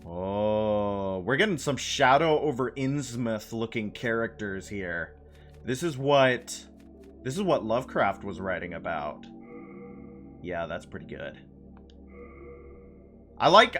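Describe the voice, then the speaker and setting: Over soft background music, a man casually chats while gaming on a live stream, joking with his viewers, laughing and repeating phrases. He talks slowly with long pauses, and his mid-range voice is fairly bright and swings widely in pitch.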